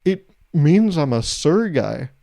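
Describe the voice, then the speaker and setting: A man's voice: a little high, sing-song, slow pace, gravelly, warm tone. A young man hosting a solo podcast, riffing in a self-mocking way and acting out little imagined exchanges. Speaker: podcast host. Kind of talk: solo comedic podcast monologue.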